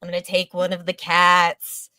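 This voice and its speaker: A woman co-hosting a casual podcast chat, teasing the others with quick banter. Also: on the low side, completely flat delivery, bright, forceful tone, clean tone, dry recording. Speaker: podcast co-host.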